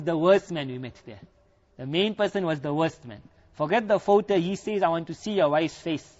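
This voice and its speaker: Retelling a story packed with quoted dialogue, a South African-accented man delivers a storytelling sermon. His voice is a little high and a little mellow, and the recording sounds dull and lo-fi.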